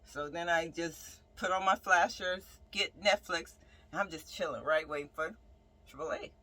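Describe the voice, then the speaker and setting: A woman, a nurse who lives in her bus, telling a casual storytime about a breakdown with animated, emphatic delivery and frequent "right?" asides. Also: on the low side, normal speed, a little hiss or hum, poor audio. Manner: dramatic swings between loud outbursts and quiet mutters. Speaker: nurse and bus-dwelling vlogger.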